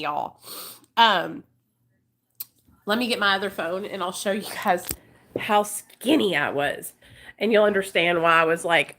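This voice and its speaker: Her voice is medium-pitched and sharp, with lively intonation at normal speed. This livestream host in her thirties recounts her life to viewers in a chatty, emotional way, swearing liberally and calling everyone y'all.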